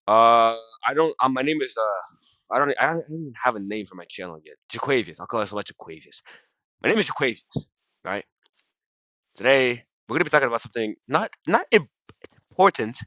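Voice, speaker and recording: A man's voice: medium pitch, bright, forceful tone, dry recording. A man rambling and swearing casually as he comments over his own gameplay, often breaking off mid-sentence. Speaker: gaming commentator. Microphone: desktop mic while recording screen.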